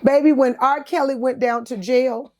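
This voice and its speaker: Speaking at a normal speed in a high voice, the singer and talk show host chats as a podcast guest, laughing frequently and re-enacting what others told her. Her storytelling is candid, casual and full of slang, with the listener addressed as honey and baby.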